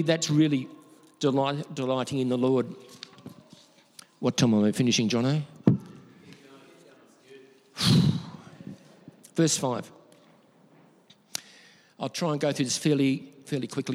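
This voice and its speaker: A man's voice: a little high, darkish tone. A middle-aged man with an Australian accent, preaching a conversational sermon full of personal stories and repeating words for emphasis. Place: church hall. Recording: long reverb from a church hall.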